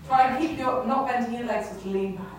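A woman's voice: a little high, fairly quick. A woman giving a chatty church talk to a congregation, often laughing. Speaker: preacher. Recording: echoey hall, distant mic, faint noise.

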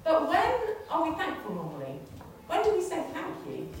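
A woman's voice: very high voice, wildly swooping pitch, normal speed. A woman giving a chatty church talk to a congregation, often laughing. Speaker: preacher. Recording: echoey hall, distant mic, faint noise.

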